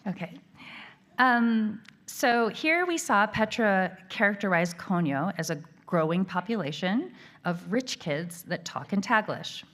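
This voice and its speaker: A woman giving an academic keynote lecture, reading a prepared text in a measured way. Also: medium pitch, expressive, a bit bright. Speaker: keynote speaker.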